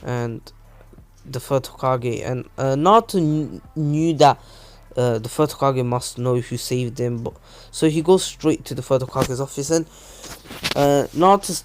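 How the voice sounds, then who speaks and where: A man's voice: medium pitch, moderate pace, a little mellow. Rambling man telling a fan story. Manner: rambling, many fillers and restarts. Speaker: channel host, storyteller. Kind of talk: improvised fan story narration.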